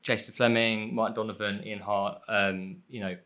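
A man's voice: on the low side, flat delivery, normal speed, a bit bright. A man, chatting casually as a podcast guest, rambling and self-deprecating with lots of fillers and casual swearing. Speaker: guest, film editor.

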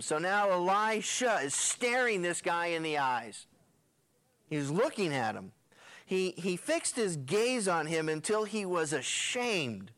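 A man's voice: high-pitched, fairly bright tone. A male pastor teaching through a Bible passage in a folksy, colloquial storytelling style with slangy asides. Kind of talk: sermon retelling a Bible passage.

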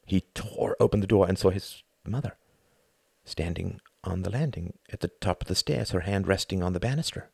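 A man narrating a novel as an audiobook in a measured, expressive reading. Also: low-pitched, creaky, husky, dry recording.

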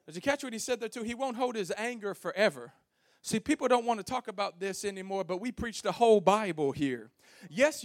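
A male pastor preaching a sermon to a congregation in a church, swinging from soft pleading to shouted, sing-song preaching, folksy and calling out to the room. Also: high-pitched, dry recording, studio quality. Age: young adult. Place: church sanctuary before a congregation.

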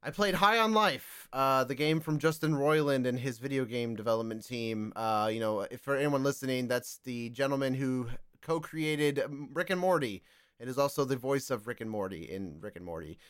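A man's voice: mid-range voice, moderate pace, smooth, no room sound, clean studio sound. A man hosting a casual gaming podcast, rambling along with lots of fillers. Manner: rambling, filler-heavy, expressive. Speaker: podcast host.

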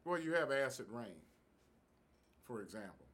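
A man's voice: mid-range voice, sing-song, normal speed, a bit bright, breathy edge. Emphatic lecturing male professor. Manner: emphatic, lecturing, stresses key figures. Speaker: professor and guest expert. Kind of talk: explanatory interview answers. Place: Sacramento area.

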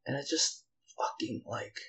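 Alone on his podcast, a male host vents bitterly and angrily, rambling with lots of fillers, frequent sighs and swearing. He speaks unhurriedly in a pushed, bright voice, and the audio quality is poor.

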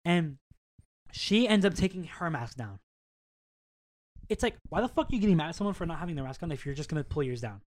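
A young man co-hosting a podcast, telling stories in a casual, animated way and swearing often. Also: a little high, quick pace, long pauses, no echo. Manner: animated storytelling, swears a lot. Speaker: podcast co-host. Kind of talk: casual chat.

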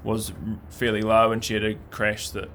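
Kiwi man, low gravelly voice, casual pundit chat with faint room hum behind. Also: completely flat delivery, normal speed, a bit bright. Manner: thoughtful, hesitant, many fillers. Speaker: downhill racing pundit.

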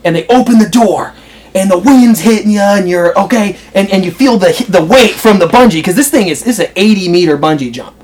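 A man's voice: high-pitched, animated, fairly quick, a little mellow, a little hiss or hum. A young American man telling a story in casual chat, rambling with lots of fillers and laughing as he goes. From United States. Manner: rambling, filler-heavy, laughs through stories.

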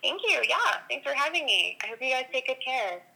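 Woman guest, high and bright, gravelly edges, on a phone line. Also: lively intonation, a little fast. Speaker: podcast guest.

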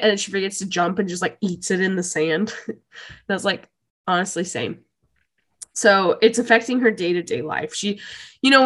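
A young woman co-hosting a podcast, recapping an anime episode in gushing, animated casual chat. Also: medium pitch. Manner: gushing, animated storytelling with laughs. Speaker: podcast co-host.

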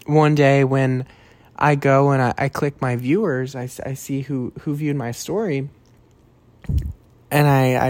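A man's voice: mid-range voice, normal speed, darkish tone. Rambling young man on a solo podcast. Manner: rambling, self-deprecating, frequent cursing and stammered restarts. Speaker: podcast host.

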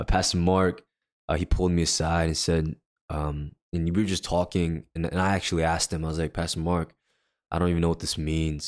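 Low and darkish in tone, a faith podcast co-host shares a personal anecdote with earnest sincerity. The chat is casual, and he dramatizes other people's words.

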